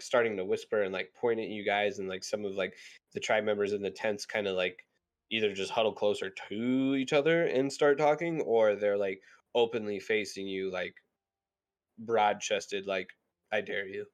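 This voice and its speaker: A man narrating a tabletop game as game master, loose and hesitant, with lots of filler words. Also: lowish voice.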